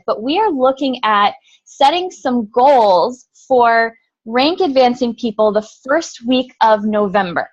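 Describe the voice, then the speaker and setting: A woman's voice: high voice, rough recording. A woman with a slightly raised voice leads a group call. She talks in an upbeat coaching way and keeps asking the team rhetorical questions.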